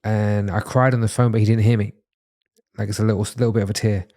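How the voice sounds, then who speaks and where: A man's voice: on the low side, level tone, fast talker, warm tone. A man from London, a masculinity coach talking as a podcast guest in an earnest, reassuring, reflective way. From London, England. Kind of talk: casual podcast conversation.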